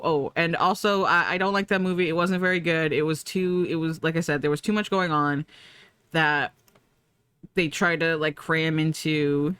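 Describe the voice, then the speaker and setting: A woman's voice: fairly low pitch, a bit bright, clear, resonant tone, no room sound. A woman streamer in casual chat, rambling and profane, laughing often as she talks.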